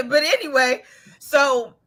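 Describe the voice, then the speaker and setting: A woman's voice: sits high, animated, slow pace, pushed and bright. A woman co-hosting a casual chat, telling her story in a chatty way with many restarts. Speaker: co-host.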